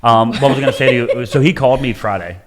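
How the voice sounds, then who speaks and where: Quick joking male podcast co-host. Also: mid-range voice, crowd noise. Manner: joking, short agreeing interjections. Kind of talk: casual chat.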